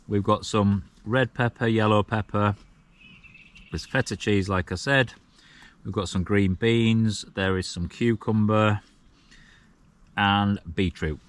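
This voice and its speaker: A man with a very deep voice and a Yorkshire accent talks to camera from inside a small tent. He is chatty and self-mocking, chuckling as he goes, like a seasoned wild camper sharing his evening. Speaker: wild camping vlogger. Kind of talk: casual camping vlog chat.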